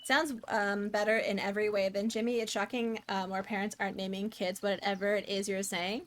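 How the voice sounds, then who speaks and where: A woman from the Netherlands streams a game, chatting at a fairly quick pace in a medium pitch with little pitch movement. Bubbly and talkative, she reads the chat aloud during her casual commentary.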